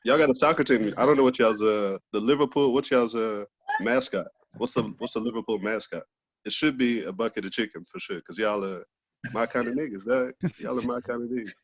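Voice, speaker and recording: Profane comic on a dull call. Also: male voice, mid-range voice, a little fast, slightly rough, no room sound. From Texas, USA. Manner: loose, profane, laughs at own jokes. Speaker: stand-up comedian. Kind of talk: stand-up set over video call. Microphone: video call.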